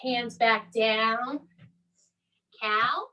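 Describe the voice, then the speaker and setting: A woman in her thirties leads a calm children's yoga lesson at home. Her voice sits high and bright, and she coaxes the kids through each pose at an unhurried pace. She sounds a little distant from the microphone. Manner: soft, coaxing, slow instructions. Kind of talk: gentle kids' yoga lesson and read-aloud.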